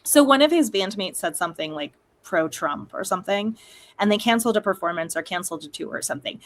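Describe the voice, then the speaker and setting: A young woman hosts a relaxed conversation in a mid-range voice. She talks in quick, chatty runs with plenty of laughs and asides. The tone is casual, like talking with a friend. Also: medium pitch. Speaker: host. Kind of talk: casual chat.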